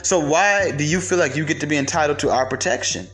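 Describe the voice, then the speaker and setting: A man's voice: a little high, quick pace, a bit bright, faint music behind. A man hosting his show in a casual, profane monologue, telling stories animatedly. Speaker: show host.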